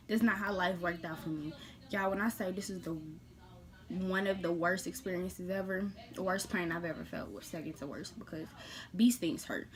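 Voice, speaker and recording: A woman telling a personal story to her viewers in a casual vlog, blunt and animated, jumping between loud bursts and quiet, hushed asides. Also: medium pitch.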